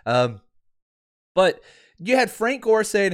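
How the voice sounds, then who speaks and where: Male podcast host in his thirties, high and lively voice, sarcastic fired-up fan rant. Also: unhurried. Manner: heated, sarcastic ranting with mocking quotes; calms to a quieter, lower promo pitch.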